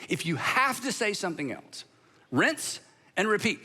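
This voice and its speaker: A male pastor in his sixties delivering a sermon with emphatic pauses, leading the congregation to repeat phrases aloud. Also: high voice. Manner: animated, emphatic, pauses for effect; leads the congregation in call-and-response practice.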